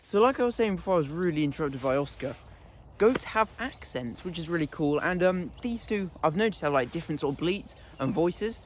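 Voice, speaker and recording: A man's voice: fairly high pitch, lively intonation, fairly quick, a little hiss or hum. A man chatting casually to camera outdoors in a goat pen, laughing often and scolding his animals. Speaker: vlogger. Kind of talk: casual vlog talk.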